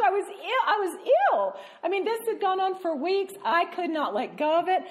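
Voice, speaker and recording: A woman Christian speaker telling a self-mocking story, animated and laughing often. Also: very high voice, moderate pace, few pauses. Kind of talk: storytelling talk.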